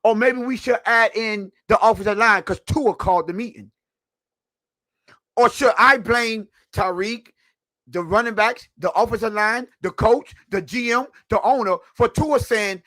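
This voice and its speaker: Emphatic high-voiced man ranting about sports. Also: unhurried, dry recording. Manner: preachy, emphatic, rhetorical questions, slips into shouting. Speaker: sports show host. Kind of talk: heated sports talk.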